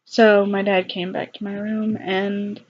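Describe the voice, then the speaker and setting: A young woman tells a personal story to her camera, halting and subdued, with frequent fillers. Her pitch sits at a middling level for a woman, and the recording sounds slightly dull and lo-fi. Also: flat delivery. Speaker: vlogger.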